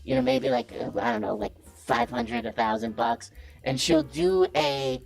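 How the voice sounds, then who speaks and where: Soft background music accompanies a caller whose voice has vocal fry and lively intonation at a normal speed. For a call-in show, they mimic a smug, boastful male business guru for laughs, playing him cocky, evasive and defensive with wildly swinging pitch.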